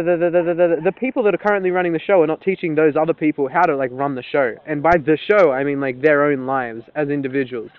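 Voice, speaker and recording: Animated rambling young man, tinny audio. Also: fairly high pitch. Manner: rambling, animated, swears freely, laughs often. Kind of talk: casual solo monologue.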